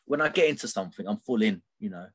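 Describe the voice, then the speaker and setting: Speaking a bit low and husky at a quick clip, a middle-aged man recounts something personal as a guest on a podcast. His delivery is expressive and meandering, heavy on fillers, with "right?" frequently closing his sentences.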